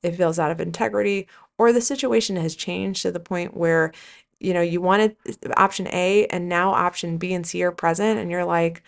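A woman's voice: fairly low pitch, steady tone, normal speed, gravelly. A woman coach telling a personal story in a casual, reflective monologue, chatty and full of fillers and self-corrections, speaking earnestly to listeners. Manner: earnest, encouraging tone toward listeners. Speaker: life coach and podcast host.

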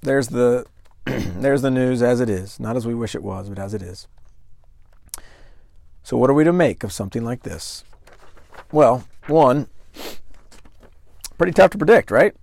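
A man's voice: mid-range voice, moderate pace, gravelly, long pauses, a little mellow, dry recording. A man hosting a solo investing podcast, talking conversationally and emphatically and putting questions to the listener. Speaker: podcast host.

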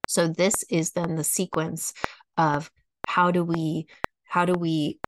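A middle-aged woman teaching a coaching lesson, walking through a chart at a slow, measured pace and repeating her phrases. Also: lowish voice, level tone, noisy background. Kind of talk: teaching talk, reading a chart aloud.

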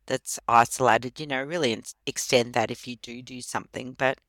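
A woman's voice: a bass voice, steady tone, moderate pace, fairly bright tone, dry recording. A woman guest in a casual interview, talking through a laughter exercise and laughing often.

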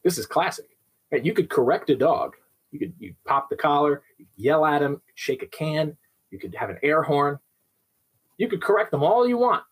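A young man with a noticeably husky, rough-edged voice explains dog behavior in an instructional way. His pitch moves a lot as he talks, and he leans on everyday examples to make his points. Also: very animated, moderate pace, rough recording. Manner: explains with everyday examples, often asks "right?". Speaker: dog trainer. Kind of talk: instructional talk.

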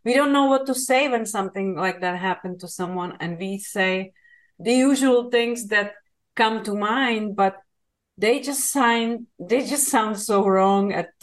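A woman's voice: medium pitch, low-quality recording. A woman hosting an interview, speaking thoughtfully and conversationally. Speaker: host.

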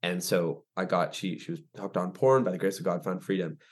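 A young man, a ministry director, telling stories as a podcast guest, animated and full of restarts. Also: low-pitched, brisk. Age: young adult. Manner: animated storyteller, many restarts and fillers. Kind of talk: casual interview chat.

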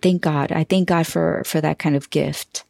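A woman's voice: low-pitched, fairly even intonation, normal speed, creaky, darkish tone, no echo. A woman hosting a self-love coaching podcast, talking in an effusive, emotional way and laughing often. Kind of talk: heartfelt podcast monologue.

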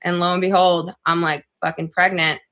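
A young adult woman telling a personal story on a podcast in a casual, animated way, saying "like" a lot and swearing freely. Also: on the low side, moderate pace. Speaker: podcast guest.

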